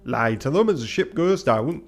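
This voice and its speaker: A man's voice: mid-range voice, animated, normal speed, faint music behind, lightly acted. A man voicing a brash, angry male ship engineer who swears and barks orders. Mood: impatient. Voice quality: loud and gruff, swearing.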